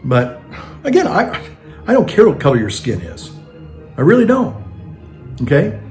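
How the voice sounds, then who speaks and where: A man with a somewhat high-pitched voice delivers a loose, rambling monologue full of restarts. He acts out the people he quotes as he goes. Faint music plays behind him. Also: wildly swooping pitch, moderate pace, a little mellow. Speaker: vlogger. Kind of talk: casual monologue.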